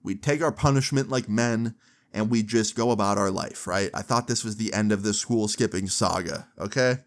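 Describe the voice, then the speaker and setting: A man's voice: on the low side, moderate pace. A young man telling a long story to camera in a casual, swearing, filler-heavy way. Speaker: storytime vlogger.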